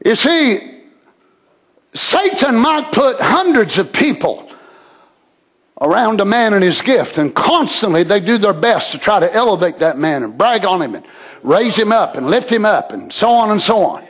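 A man preaching a sermon, swinging from shouted, drawn-out lines to low murmurs. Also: very animated.

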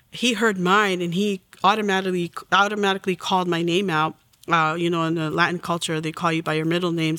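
Adult, forties, earnest faith testimony, acts out quoted lines, mid pitch, dry close sound. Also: fairly bright tone, dry recording. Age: 40s. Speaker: testimony guest.

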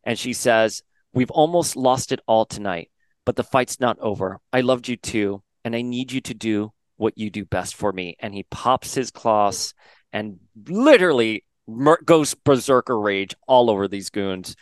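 A man's voice: fairly low pitch, measured pace, no echo. A man hosting a podcast, casually recapping a comic story and paraphrasing the characters' lines in a chatty way. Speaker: podcast host.

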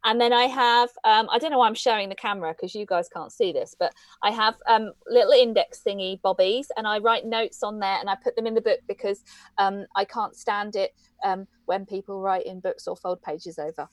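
A woman's voice: mid-range voice, fairly quick, no echo. A woman co-hosting a book podcast in casual chat, chatty with many ums and easy laughs. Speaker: podcast co-host.

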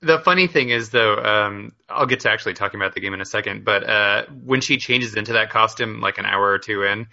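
A man on a casual gaming podcast, giving opinionated, animated takes on games. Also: on the low side, brisk, gravelly, hardly any pauses, lo-fi sound. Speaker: podcast co-host.

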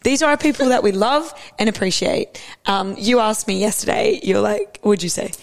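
A woman's voice: mid-range voice, animated, moderate pace. A woman co-hosting a podcast in casual chat, dry-humored and giggly. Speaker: podcast co-host.

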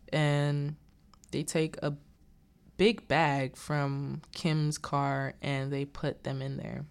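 A young woman talks through a movie plot in a relaxed, unhurried way, leaning on "like" as she quotes what the characters say. Her voice sits low for a woman, and she takes her time with each thought. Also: creaky. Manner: retells the plot with quoted lines and filler "like". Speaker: movie reviewer. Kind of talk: casual movie recap.

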